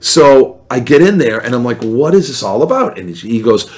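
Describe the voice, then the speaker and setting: A man telling a story in casual chat, animated and acting out the people he quotes. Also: moderate pace. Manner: animated, acts out quoted voices with big pitch jumps. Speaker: podcast guest.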